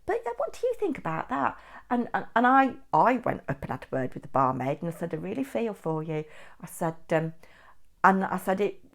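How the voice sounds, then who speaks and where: Chatty middle-aged woman with a lively voice. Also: on the low side, fairly quick, gravelly. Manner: chatty storytelling, animated, ranting. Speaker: craft vlogger. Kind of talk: chatty vlog update.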